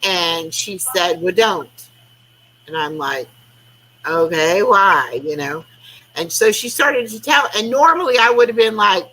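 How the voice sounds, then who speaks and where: A woman's voice: medium pitch, expressive, unhurried, sharp tone, slightly rough, rough recording. An older woman, chatting casually on a live stream over a video call and acting out conversations as she tells stories. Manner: chatty storytelling, acting out quoted talk. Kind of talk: casual chat.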